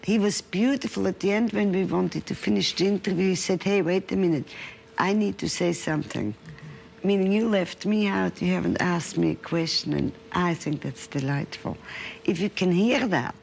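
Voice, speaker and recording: A woman's voice: fairly low pitch, moderate pace, vocal fry, a little mellow, slight background noise. A woman psychiatrist giving a lecture and telling case stories, earnestly checking in with her listeners. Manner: earnest storytelling, checks in with the audience.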